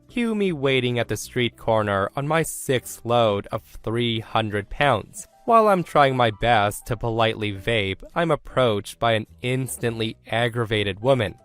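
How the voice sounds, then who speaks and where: A man at a middling pitch narrates a first-person forum story in a steady, even storytelling voice. Soft background music sits faintly under the reading. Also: smooth.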